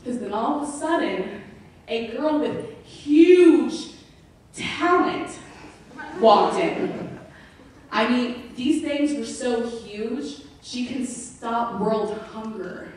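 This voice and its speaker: A young woman doing a stand-up comedy set, animated storytelling with acted-out quotes, recorded from a distant camera in a club. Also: a little high, extremely slow, a little hiss or hum. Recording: echoey venue heard from far off.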